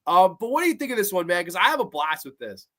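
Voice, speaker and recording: Male host, high bright voice, enthusiastic casual reviewer. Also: very animated, quick pace. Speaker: podcast host.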